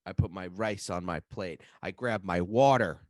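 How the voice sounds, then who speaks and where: A man co-hosting a comedy podcast, telling a profane story with lots of swearing and shouted reenactments. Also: sits low, normal speed, no echo, clean studio sound. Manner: profane, animated, acts out his own yelling. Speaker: podcast co-host.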